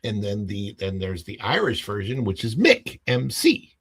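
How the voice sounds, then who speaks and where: A man's voice: fairly low pitch, sing-song, unhurried, slightly rough. A man hosting a casual livestream podcast, rambling and full of fillers and restarts, often laughing at his own stories.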